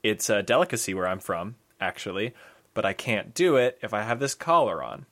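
A man's voice: fairly low pitch, sing-song, a little fast, a bit bright. A man voicing a scheming prisoner in a sorcerer's collar, coaxing and sly.

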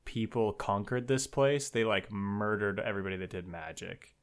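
A man's voice: lowish voice, steady tone, normal speed, clean tone. A man co-hosting a podcast, discussing a book casually in an enthusiastic, emphatic and jokey way, with casual swearing. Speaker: podcast co-host.

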